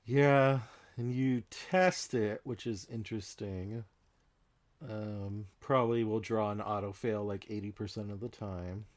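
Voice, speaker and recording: A man's voice: lowish voice, fairly even intonation, unhurried, dry recording. A man co-hosting a podcast, talking casually about a card game in a hesitant way with many ums and small laughs. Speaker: podcast co-host.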